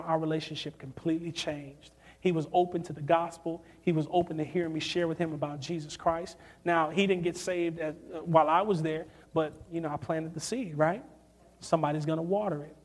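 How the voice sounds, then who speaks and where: Animated high-voiced male preacher. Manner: animated, acts out quotes, swings from loud to hushed. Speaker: youth preacher. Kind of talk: storytelling sermon.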